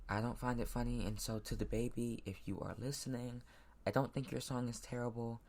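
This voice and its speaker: A man hosting a solo podcast from his laptop at home, ranting in heated bursts that sometimes jump loud. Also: mid-range voice, normal speed. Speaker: podcast host.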